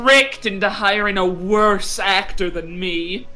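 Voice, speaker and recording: A woman's voice: medium pitch, slow, sharp tone. A woman on a casual live stream, tossing in teasing, quippy remarks.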